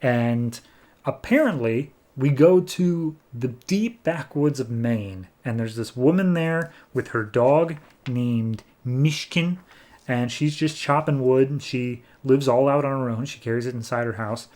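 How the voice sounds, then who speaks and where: A man's voice: medium pitch, measured pace, darkish tone. A man hosting a podcast, retelling a comic issue in a casual, rambling way with many fillers. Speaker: podcast host. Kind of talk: casual comic book recap.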